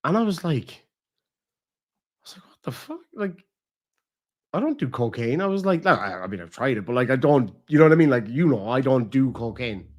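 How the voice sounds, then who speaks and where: A man's voice: medium pitch, big pitch swings, quick pace, hardly any pauses. A young man chatting casually with his partner on stream, swearing freely and acting out quotes. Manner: swearing, rambling storytelling with acted quotes. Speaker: streamer host.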